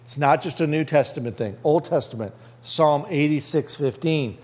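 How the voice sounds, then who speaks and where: A man's voice: a little high, normal speed, hardly any pauses, a little mellow. A man as a pastor, preaching a conversational sermon and asking the listeners rhetorical questions.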